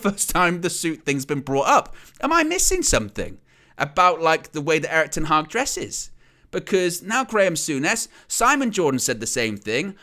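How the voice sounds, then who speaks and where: A man hosting a live fan stream, ranting with animated disbelief and firing off rhetorical questions. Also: a little high. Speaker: host of a fan channel. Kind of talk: live-stream opinion commentary.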